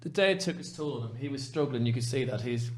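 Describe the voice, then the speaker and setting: Male podcast host, passionate and emphatic, mid-pitched everyday voice. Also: lively intonation, quick pace. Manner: impassioned, emphatic ranting. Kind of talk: casual football podcast chat.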